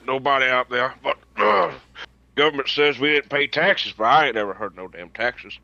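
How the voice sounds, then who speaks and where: A man voicing a gruff backwoods man raised by a militia, who talks in a rambling, drawling, folksy way. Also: medium pitch, expressive, normal speed, pushed and bright, no echo, dull audio.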